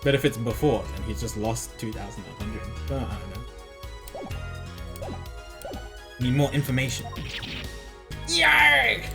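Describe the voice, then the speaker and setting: Playful woman streamer, low and lively; faint game music underneath. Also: normal speed, pauses often. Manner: playful, giggly asides. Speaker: gaming streamer. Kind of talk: casual live-stream commentary.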